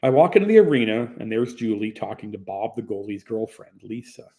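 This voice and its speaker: A young man narrates a first-person audiobook in a plain, conversational way. His voice is gravelly and dark, with a mellow, relaxed tone. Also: on the low side, fairly quick.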